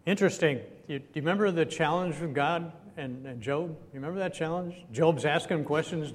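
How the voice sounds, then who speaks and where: A man's voice: fairly quick, few pauses. A man giving a conversational sermon, chatty and chuckling, often asking his listeners questions. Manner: chatty, asks the audience questions, chuckles now and then. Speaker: preacher. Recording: echoey hall with faint rumble.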